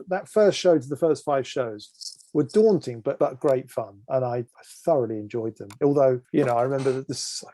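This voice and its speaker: A man, a keyboard player being interviewed, telling lively stories and acting out what people said, often restarting his sentences. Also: medium pitch. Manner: animated anecdotes, acting out quoted dialogue; frequent restarts and self-corrections. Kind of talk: casual interview storytelling.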